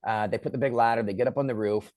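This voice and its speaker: A man's voice: medium pitch, fairly even intonation, very fast, darkish tone, no room sound. Male director as guest, casual storyteller who acts out quotes, dry close sound.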